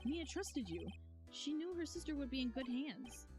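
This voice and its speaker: A woman's voice: sits high, expressive, normal speed, a little mellow, soft background music. A woman voicing a nervous young male defense attorney who stammers and hesitates.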